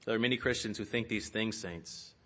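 A man's voice: lowish voice, fairly quick, sharp tone. A man preaching a sermon in an earnest, rhetorical way, calling his listeners saints.

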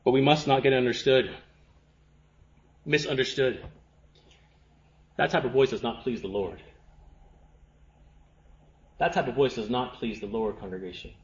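A man preaching a sermon to a congregation, impassioned and repetitive, swinging from hushed passages to fervent rhetorical questions. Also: medium pitch, a little slow, long pauses, echoey room, dull audio.

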